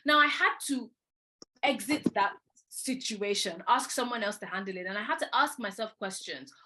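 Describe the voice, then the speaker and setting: Bright candid woman telling a story. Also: medium pitch, moderate pace. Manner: candid, animated, imitates a child's whining. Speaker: educator. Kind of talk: reflective storytelling.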